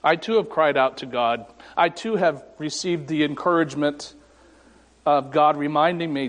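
Pastor, male, high and unhurried; wry, self-mocking sermon delivery with pauses, long church reverb. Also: a bit bright. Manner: slow and deliberate, with dramatic pauses; wry, self-deprecating humor. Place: church sanctuary. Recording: echoey sanctuary reverb.

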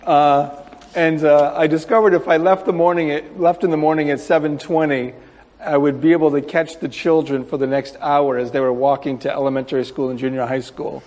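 A man's voice: a little high, fairly quick. Man missionary telling stories in an echoing hall. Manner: relaxed storytelling with fillers. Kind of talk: speaking to a church congregation. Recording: long reverb of a large hall.

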